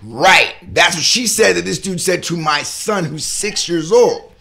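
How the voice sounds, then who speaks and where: A somewhat high-pitched man with a gravelly edge and a bright, forceful tone tells a story on a talk show. He acts out every person in it and climbs toward a shout as he gets heated. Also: measured pace. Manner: animated, acts out each person in the story and rises to near-shouting. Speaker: show host and father.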